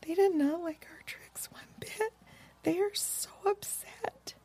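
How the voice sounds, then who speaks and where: A woman's voice: animated, very slow, exaggerated voice. Woman doing a sweet little girl dog. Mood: sad whisper. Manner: high, bright child voice. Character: young girl dog twin, sweet and worried.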